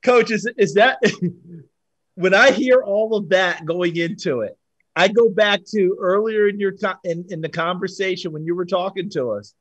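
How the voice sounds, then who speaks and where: A male interviewer in a conversational talk, reacting with short affirmations and unhurried follow-ups. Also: sits high, a bit bright, no room sound, dull audio.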